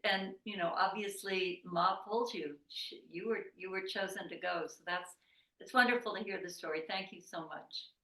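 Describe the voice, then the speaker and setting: A woman hosting a spiritual gathering reads a remembered interview aloud in a gentle, earnest way. Her voice sits away from the mic, and a roomy echo hangs around it. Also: medium pitch, fairly even intonation, normal speed, recorded from a distance. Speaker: satsang host. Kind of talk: introducing stories and reading an interview account aloud.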